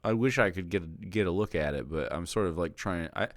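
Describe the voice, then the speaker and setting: A man's voice: low-pitched, fairly quick, faint music behind. A man streaming, reacting to a cooking video in casual, profane commentary that keeps tipping into exasperated ranting.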